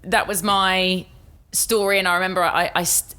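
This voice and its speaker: A woman's voice: fairly low pitch, flat delivery, moderate pace, sharp tone, clear, resonant tone. Chatty English woman hosting a podcast. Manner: chatty, rambling with restarts. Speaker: podcast host. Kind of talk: casual storytelling chat.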